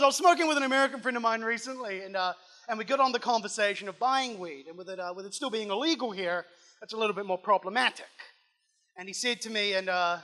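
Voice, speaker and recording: A young man with a New Zealand accent works a comedy club crowd from the stage, holding the mic. His voice is bright and sharp. He delivers in loud, punchy bursts and swears freely. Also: high-pitched. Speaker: stand-up comedian. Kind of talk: live stand-up set. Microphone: handheld stage mic.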